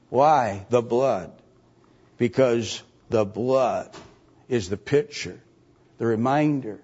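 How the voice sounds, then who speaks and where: A man's voice: mid-range voice, warm tone. A man preaching a sermon, reading scripture aloud and pressing the congregation with emphatic repeated questions. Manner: reads archaic scripture aloud. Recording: dull lo-fi recording.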